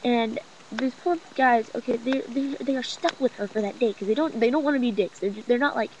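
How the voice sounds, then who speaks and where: A woman's voice: fairly high pitch, fairly quick, darkish tone. Young woman gossiping profanely on a noisy webcam. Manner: rambling, profane and mocking, with many fillers. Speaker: vlogger. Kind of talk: casual gossip vlog. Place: room at home with a cousin talking nearby. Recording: noisy home webcam recording.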